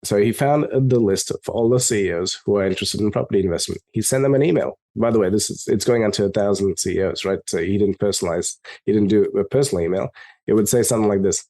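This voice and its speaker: A man being interviewed as a software company co-founder, telling stories and acting out the dialogue in a raised voice. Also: fairly low pitch, fast talker. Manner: animated, acts out quoted dialogue in a raised voice. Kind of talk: storytelling in an interview. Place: lives in Melbourne.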